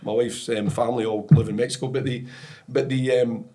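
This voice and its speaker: On a soccer podcast, a middle-aged Scottish guest spins anecdotes in a storytelling interview, rambling with plenty of "you know" and restarts and laughing often. His mid-range voice is mellow and flat in delivery, and he speaks briskly.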